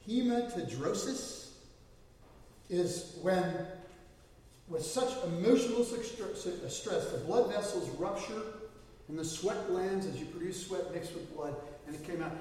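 A man's voice: sits high, measured pace, mellow. A man preaching a sermon in a conversational, storytelling way. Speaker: pastor. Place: church sanctuary. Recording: echoey church hall, mic at a distance.

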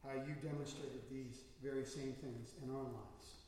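A man's voice: medium pitch, steady tone, normal speed, darkish tone, slight background noise. A man as pastor, preaching a sermon in a church with storytelling that rises to emphatic bursts. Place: church sanctuary. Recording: echoey hall from far off.

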